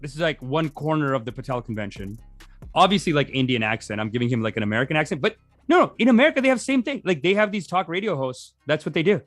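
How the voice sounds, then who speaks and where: A man's voice: fairly high pitch, big pitch swings, fast talker, a bit bright, faint music behind. A man hosting a livestream, giving casual, rambling commentary and laughing often. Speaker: livestream host.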